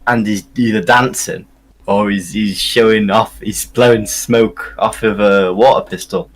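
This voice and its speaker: A man's voice: lowish voice, fairly even intonation, measured pace. A man co-hosting a podcast, moving the talk on with brief prompts and questions. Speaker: podcast co-host. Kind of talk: casual chat.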